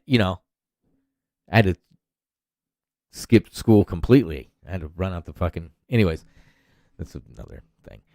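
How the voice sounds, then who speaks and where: On his solo rant podcast, a man in his thirties vents in a lowish voice with no echo. His delivery is heated, meandering, and full of profanity.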